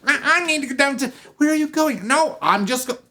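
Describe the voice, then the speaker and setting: A man putting on a flustered, stammering leading man, raising his voice high as he fumbles for excuses. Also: lively intonation, brisk, pushed and bright, slight background noise, full character voice.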